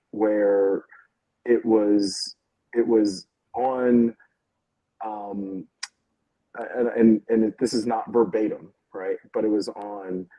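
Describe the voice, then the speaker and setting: A man with a low, husky voice talks from home over a video call in a casual panel discussion. He hedges and restarts often, circling back to his points. The sound is close and dry. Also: mellow, dry recording, low-quality recording. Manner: hesitant, many fillers and restarts, laughs between points. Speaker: panel guest.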